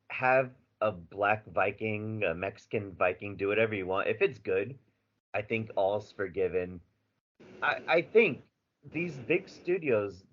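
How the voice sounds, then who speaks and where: A man co-hosting a podcast in casual chat, animated and rambling, swearing freely with lots of fillers. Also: fairly low pitch. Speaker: podcast co-host. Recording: slightly dull audio with faint background noise.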